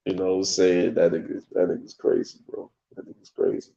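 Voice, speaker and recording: A man's voice: sits low, little pitch movement, a little fast, gravelly, muffled recording, background noise. A young man hosting his own show, chatting loosely and rambling in slangy talk with lots of swearing and frequent laughs. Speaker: show host. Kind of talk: casual solo talk.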